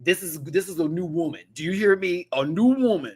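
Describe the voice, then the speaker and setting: Animated man ranting about a show. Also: a little high, brisk, breathy edge. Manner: animated, laughs often, mimics others in quoted asides; calls to viewers by name, affectionate. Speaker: drag show reviewer, host. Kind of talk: live-stream reaction chat.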